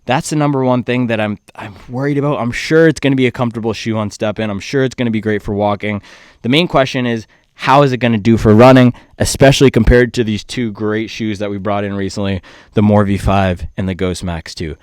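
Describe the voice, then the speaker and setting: A man's voice: lowish voice, fairly even intonation, brisk, a little mellow, smooth, dry recording. Laid-back slangy man, dry sound. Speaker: running shoe reviewer. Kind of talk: casual product review.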